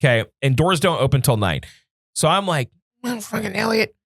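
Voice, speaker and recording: A man co-hosting a podcast tells a story in casual chat, animated, doing voices and interrupting to jump in. His voice sits in the mid-range and moves fairly quickly. The sound is clean studio quality with no echo.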